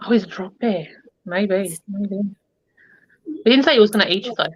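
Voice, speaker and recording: A woman's voice: medium pitch, expressive, moderate pace, breathy edge, low-quality recording. An Australian woman chatting casually as co-host, playful and teasing. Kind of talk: casual chat.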